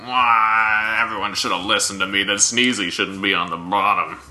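A man's voice: on the low side, steady tone, moderate pace, bright, forceful tone. A man voicing a grumpy male dwarf who gripes in a whiny way. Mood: griping. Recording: roomy echo.

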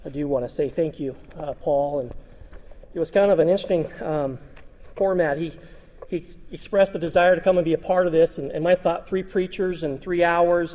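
Man, pastor, folksy storytelling, slightly high mellow voice, long hall reverb. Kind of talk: casual remarks before preaching.

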